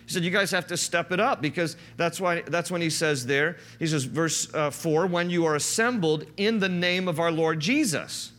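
A man's voice: fairly high pitch, normal speed, hardly any pauses, fairly bright tone. A man preaching a conversational sermon as a pastor, teaching through a passage and rising in emphasis when he quotes.

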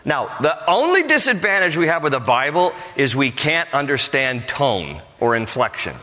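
A man's voice: on the high side, big pitch swings, normal speed, sharp tone. A man preaching a sermon, joking conversationally and telling the story with plenty of animation. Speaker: pastor. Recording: hall reverb.

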